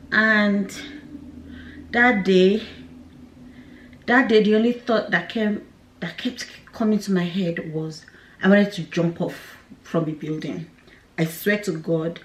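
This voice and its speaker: A young woman tells a painful personal story straight to camera. She speaks candidly, with nervous laughs breaking through. Her voice sits in a middle range, and it rings in an echoey room. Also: mid-range voice. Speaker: vlogger.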